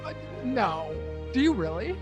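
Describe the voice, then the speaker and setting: A woman's voice: mid-range voice, big pitch swings, unhurried, loud music behind the voice. A woman hosting a podcast interview, chatting playfully and laughing often. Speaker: podcast host. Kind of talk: casual interview chat.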